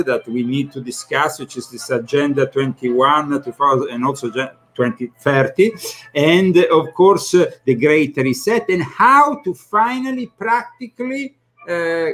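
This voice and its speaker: A man with an Italian accent hosting a talk show, speaking haltingly with frequent pauses mid-sentence. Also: on the high side, a bit bright. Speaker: host. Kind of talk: casual talk-show chat.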